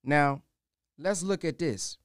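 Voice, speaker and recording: A man's voice: slow pace, clear, resonant tone, dry recording, clean studio sound. A man preaching a sermon emphatically, posing rhetorical questions to his listeners. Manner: emphatic, rhetorical questions, pitch swinging widely.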